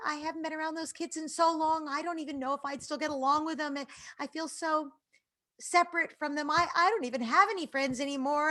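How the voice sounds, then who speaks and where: A woman voicing an upset twelve-year-old girl, tearful and exasperated, complaining in a high, loud, wailing voice.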